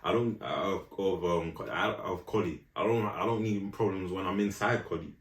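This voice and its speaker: A man's voice: sits low, normal speed, roomy sound. A young man telling a story in casual podcast chat, full of slang and "do you know what I'm saying" asides. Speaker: podcast co-host.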